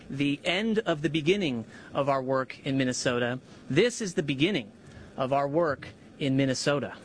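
An American official speaks at a press conference with a slightly high voice, reading a formal statement slowly and deliberately. Faint room noise runs under the press conference audio. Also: male voice. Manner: measured and deliberate, pausing for emphasis.

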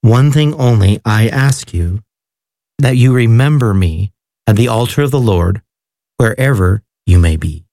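Solemn man reading slowly. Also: lowish voice, animated, dark tone, no echo. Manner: slow, measured and reverent. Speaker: reader.

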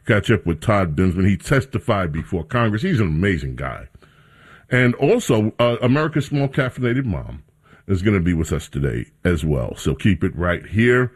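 A man's voice: sits low, very animated, moderate pace. A man hosting a talk radio show, introducing clips and guests in a casual, rambling way. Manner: sarcastic, mocking reporters in a raised voice.

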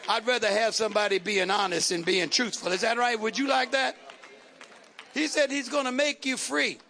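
High bright-voiced preacher, shouting refrains. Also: male voice, steady tone, moderate pace. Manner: preaching cadence with rhythmic repetitions and shouted refrains. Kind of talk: call-and-response sermon.

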